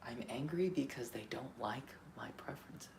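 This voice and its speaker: A man with a gravelly edge to his voice talks himself through his feelings in a candid, self-questioning way. He drops to a mutter and then pushes out emphatic, profane lines. The room has a clear echo and a faint hum of ambient noise behind him. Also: medium pitch, normal speed. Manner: candid, self-questioning, swings between muttering and emphatic outbursts, swears freely. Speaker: vlogger. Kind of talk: solo self-reflection, thinking aloud.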